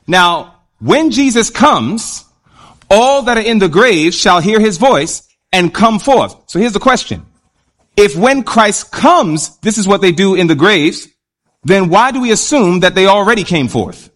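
A man preaching a sermon to a congregation, animated and often asking the audience questions as he reads and explains Bible verses. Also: sits high, moderate pace.

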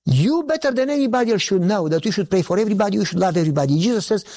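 A man's voice: high voice, lively intonation, racing, warm tone, pitched above the performer's own voice. A man voicing a firm devout wife. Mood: admonishing. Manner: firm, admonishing.

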